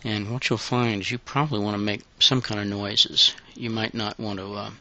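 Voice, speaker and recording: Man, flat and bright, breathy halting guide voice, lo-fi. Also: lowish voice, no echo. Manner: breathy, halting, unhurried delivery. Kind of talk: intimate guided audio instruction. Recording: dull lo-fi recording.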